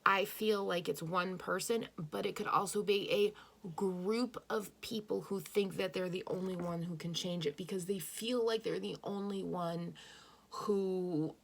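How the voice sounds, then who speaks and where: Speaking at a measured pace with fairly even intonation, this tarot reader has a fairly low voice with vocal fry. She talks straight to the listener in an earnest, intuitive reading, repeating herself and revising her wording as she thinks.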